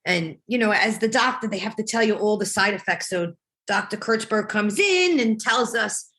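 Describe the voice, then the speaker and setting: A woman's voice: mid-range voice, expressive, normal speed, fairly bright tone. A woman in her thirties, a mother telling her family's story in an emotional, reflective testimony, often quoting what was said. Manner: emotional, reflective, quotes dialogue with small laughs. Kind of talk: personal testimony interview.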